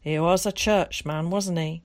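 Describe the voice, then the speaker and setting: A woman's voice: on the low side, steady tone, a little slow, dry recording, close to an everyday voice. A woman voicing a stern, pious mother who is cold, suspicious and reproachful in a storybook reading. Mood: scolding. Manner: clipped, reproachful, preachy.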